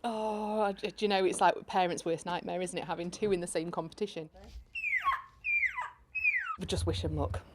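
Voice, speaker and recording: A woman parent interviewed for the news, talking in an animated way. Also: on the low side, normal speed, long pauses, very noisy.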